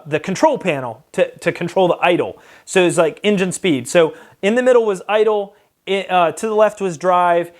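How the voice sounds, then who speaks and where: A man with a high-pitched voice tells a personal story in a loose, rambling way. He swears freely and acts out the lines people spoke along the way. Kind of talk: casual personal anecdote.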